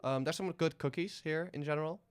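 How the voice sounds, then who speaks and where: A man's voice: on the high side, brisk, clean tone. A man from the Netherlands, hosting a casual interview podcast and asking curious, teasing questions. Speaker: podcast host.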